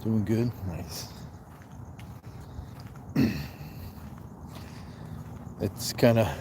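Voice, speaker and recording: Slow-talking man streaming on a walk. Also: fairly low pitch, a little hiss or hum. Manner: relaxed, reads viewer comments aloud and answers them. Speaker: livestream host. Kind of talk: casual live-stream chat while walking. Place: outdoors at night. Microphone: handheld phone.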